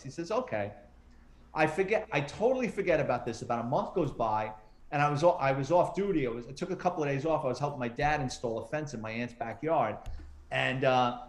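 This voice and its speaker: Middle-aged guy telling cop stories, does all the voices, kinda high pitch, roomy echo. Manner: animated, acts out quoted voices. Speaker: retired police detective and author, interview guest. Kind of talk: casual storytelling interview.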